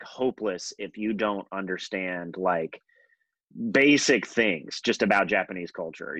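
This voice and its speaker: Rambling young man, bright voice. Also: on the low side, dry recording. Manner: rambling, full of fillers and restarts. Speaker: podcast co-host. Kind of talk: casual chat.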